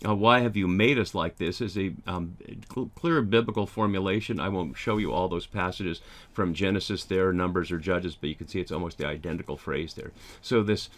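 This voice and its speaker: Lowish man teaching scripture, halting. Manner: thoughtful, many ums and restarts. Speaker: Bible teacher. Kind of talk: lecture over slides.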